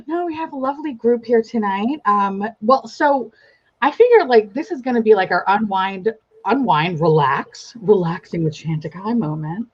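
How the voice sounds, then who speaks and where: Female stream host, bubbly and irreverent, giggly, dull low-fi call audio. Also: expressive, normal speed, husky. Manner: giggly, swearing, self-mocking. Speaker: livestream host. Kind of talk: casual chat.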